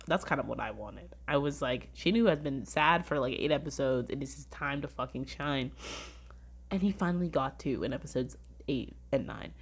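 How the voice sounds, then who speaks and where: A woman rambling through a casual weekly review of her shows, gushing, swearing freely and saying "like" a lot. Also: deep voice. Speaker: drama reviewer.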